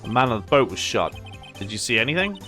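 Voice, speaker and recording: A man's voice: mid-range voice, very animated, fast, pushed and bright, soft background music, pitched below the performer's own voice. A man voicing an earnest young male defense lawyer, hesitant and apologetic.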